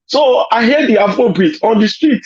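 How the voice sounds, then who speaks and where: Nigerian man, high-pitched husky voice, rambling anecdotes with "you know" fillers, dry lo-fi call sound. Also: lively intonation, moderate pace, no echo. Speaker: panel guest. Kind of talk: casual online panel chat. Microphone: video call.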